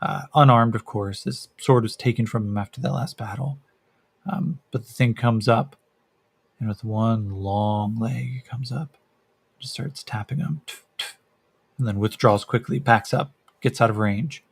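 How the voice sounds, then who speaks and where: A man narrating a solo tabletop role-playing game as game master, describing scenes and rolling dice with frequent pauses and fillers. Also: mid-range voice, fairly even intonation, creaky, breathy edge. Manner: hesitant, many fillers, descriptive.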